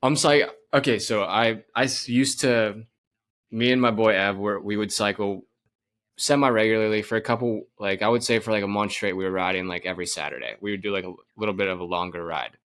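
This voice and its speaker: Lowish-voiced man, animated podcast chatter. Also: brisk. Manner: animated storytelling, frequent laughs and restarts. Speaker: podcast co-host. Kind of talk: casual chat.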